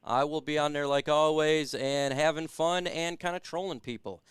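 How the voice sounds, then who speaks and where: A man's voice: a little high, fairly even intonation, normal speed, clean tone, no echo. A man hosting a casual sports live stream who hypes the chat and reads out viewer comments. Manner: hypes chat, reads super chats aloud.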